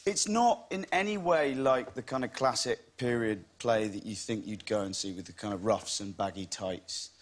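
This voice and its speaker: A man's voice: fairly low pitch, normal speed, hardly any pauses. A man, an actor guest on a talk show, speaking in a good-humoured way and often restarting his words. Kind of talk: chat show interview. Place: TV studio with audience.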